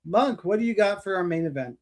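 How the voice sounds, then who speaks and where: A man hosting a casual sports podcast, quick and teasing with his co-hosts. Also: high voice, animated, a little mellow. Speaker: podcast host.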